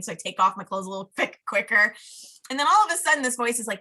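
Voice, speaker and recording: A woman with a bright, forceful voice chats as a podcast guest. She tells a personal story with animated energy and acts out the voices in her head. Her manner is lively and full of easy laughter. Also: medium pitch, quick pace. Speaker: podcast guest, life coach. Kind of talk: casual storytelling chat.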